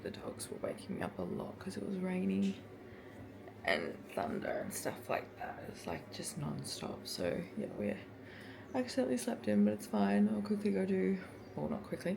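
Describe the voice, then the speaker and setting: A woman's voice: on the low side, gravelly, background noise. A young Australian woman in her twenties, chatting casually for her vlog in her car, rambling with lots of ums. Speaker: vlogger.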